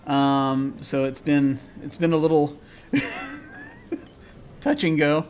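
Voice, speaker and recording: A man narrating a tabletop game as game master over a video call, halting and full of fillers and restarts. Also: on the high side, fairly even intonation, darkish tone, a little hiss or hum.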